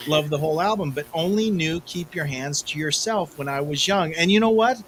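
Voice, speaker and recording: A man's voice: fairly high pitch, brisk, fairly bright tone, a little hiss or hum, rough recording. Chatty middle-aged male podcast host. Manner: chatty storyteller, self-deprecating. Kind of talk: casual chat.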